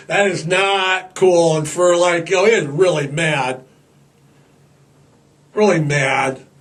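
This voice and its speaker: A man's voice: sits high, fairly bright tone. A man hosting a podcast in a rambling, irreverent comic monologue, profane and stammering over fillers. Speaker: podcast host.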